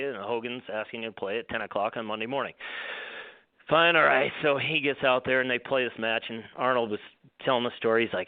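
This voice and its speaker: A male golf professional, a guest, telling stories in a rambling, animated way with many restarts. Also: lowish voice, fairly quick, clean tone, no echo. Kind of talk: storytelling on a radio show. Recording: dry phone line.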